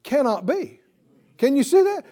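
High-pitched, lively preacher man. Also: unhurried. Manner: animated, asks the audience questions for call-and-response. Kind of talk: sermon. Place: teaching before a live audience.

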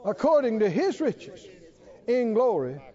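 A man's voice: very high voice, big pitch swings, a little slow, warm tone, muffled recording. A middle-aged male pastor preaching a sermon, punctuating his points with emphatic exclamations and quoted scripture.

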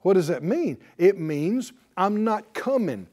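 A man preaching a sermon as pastor, animated and asking the congregation rhetorical questions. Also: high-pitched, a little slow.

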